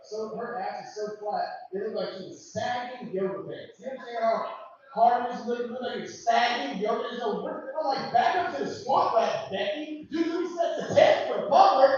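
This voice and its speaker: A man hosting an open mic and doing crude, animated stand-up. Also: sits high, recorded from a distance, a little hiss or hum. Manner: crude, animated, loud storytelling. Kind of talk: stand-up comedy set. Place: comedy club open mic. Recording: echoey room from afar, dull lo-fi.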